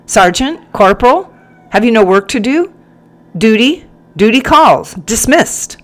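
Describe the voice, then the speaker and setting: A woman's voice: on the low side, animated, normal speed, breathy edge. A woman voicing a blustering, pompous male army captain who thunders his orders. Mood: commanding. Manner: thundering, commanding.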